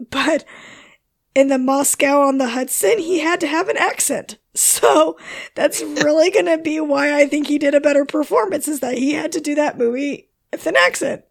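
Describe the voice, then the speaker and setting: A woman on a podcast panel, hesitant and filling pauses with ums as she gives her vote. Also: high voice, vocal fry. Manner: hesitant, lots of ums, giggly. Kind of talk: casual chat.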